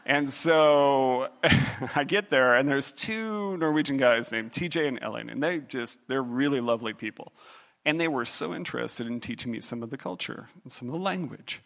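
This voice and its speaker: A middle-aged man telling a comic personal story, animated, jumping into other voices and pitches as he goes. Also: normal speed, creaky.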